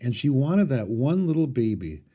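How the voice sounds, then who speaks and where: Warm, mellow-voiced man reading aloud. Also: mid-range voice, moderate pace, husky, muffled recording. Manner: expressive storytelling.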